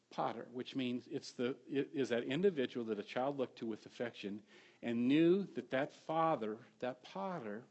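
A middle-aged male pastor preaching a sermon, telling stories with animated swings from hushed to loud. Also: medium pitch, muffled recording.

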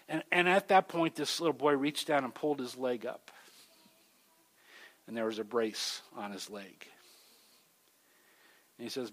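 A middle-aged man preaching a sermon, telling stories with an animated delivery that swings from loud to soft. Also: medium pitch, measured pace, pauses often. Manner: animated storytelling, voices shifting loud and soft. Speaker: pastor.

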